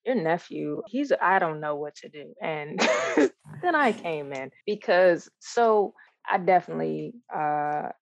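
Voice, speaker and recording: Low-voiced woman, earnest and reflective. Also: big pitch swings, takes it slowly, creaky, no echo, low-quality recording. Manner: reflective, earnest, with frequent restarts and soft laughs. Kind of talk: candid personal conversation.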